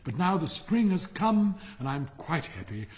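A man's voice: fairly high pitch, big pitch swings, moderate pace, big-room sound, voice pushed up. A man voicing a simple, humble young gardener who speaks meekly and eagerly.

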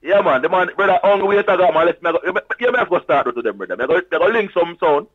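A man with a Jamaican accent, boasting in lively patois as a sound system guest in casual radio chat. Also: high-pitched, rapid-fire, slightly rough, no room sound. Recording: tinny phone-line audio.

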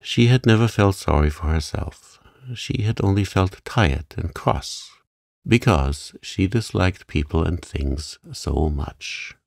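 Calm guy reading a bedtime story for grownups, deep and slow, gravelly. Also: no echo, clean studio sound. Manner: calm, gentle, unhurried. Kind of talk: calm sleep-story narration.

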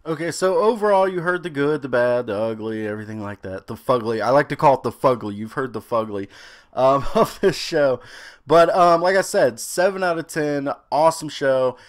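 A young adult man giving a casual, rambling review of a series, excitable and swearing freely. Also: mid-range voice, normal speed.

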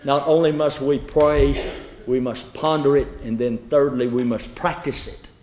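A man preaching a folksy sermon. He tells stories, repeats words and draws some phrases out slowly. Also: medium pitch, steady tone, darkish tone. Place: church lecture hall. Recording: echoey hall.

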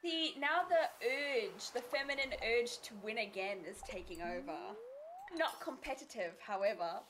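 Young woman co-streamer, playful joker, very animated delivery. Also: a little high, moderate pace, a little hiss or hum. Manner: playful, jokey, chatty. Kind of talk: casual co-op gaming chat.

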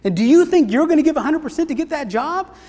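A man with a strikingly high voice delivers a motivational seminar, his pitch leaping up and down as he speaks. He talks with energy and throws questions out to the room. A long reverb trails every word. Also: quick pace. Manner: energetic, asks the audience questions.

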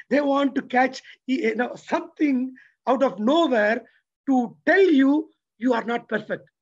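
A man giving a motivational religious talk, lively and preacherly, who keeps asking his audience rhetorical questions. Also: extremely high pitch, slow, lo-fi sound. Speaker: lecturer.

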